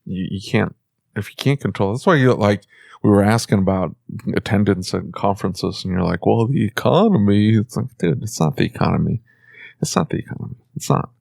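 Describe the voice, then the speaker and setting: Gravelly podcast host guy, lowish voice, dry sound, blunt and jokey, tells stories. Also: brisk, a little mellow, no room sound. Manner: joking, storytelling, blunt. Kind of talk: casual podcast conversation.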